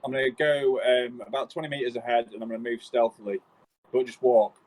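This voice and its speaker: A man chatting as a player in a tabletop game session. He rambles and second-guesses himself, filling gaps with ums and you-knows. His voice sits at an ordinary pitch. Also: steady tone, fast, a little mellow, rough recording. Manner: rambling and unsure, with fillers. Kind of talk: casual chat at a game table.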